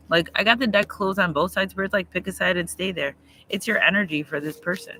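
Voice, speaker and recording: A man's voice: high-pitched, pushed and bright, a little hiss or hum, rough recording. A man giving a live tarot reading outdoors, talking straight to his viewers in an emphatic, slangy way. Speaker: tarot reader.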